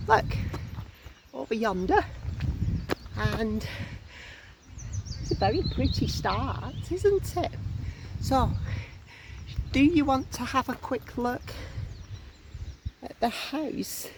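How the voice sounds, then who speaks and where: A woman's voice: sits high, big pitch swings, takes it slowly, long pauses, background noise. A woman in her fifties chatting to the camera as she hikes outdoors, asking her viewers questions as she goes. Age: 50s. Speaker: solo hiking vlogger. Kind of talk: casual walking vlog talking to camera. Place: outdoors on a countryside hike. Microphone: handheld camera held while walking.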